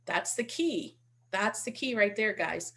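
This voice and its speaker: This webinar instructor has a mid-range, slightly bright voice that's animated yet measured in pace. She covers real estate investing over a computer mic in a chatty style, restarting with repeated words and showing call scripts as demonstrations.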